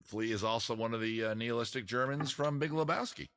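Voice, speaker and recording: With a quick pace and a fairly bright, mid-range voice, this male quizmaster runs a casual live-stream trivia game. He teases the players, jokes constantly and drops crude asides.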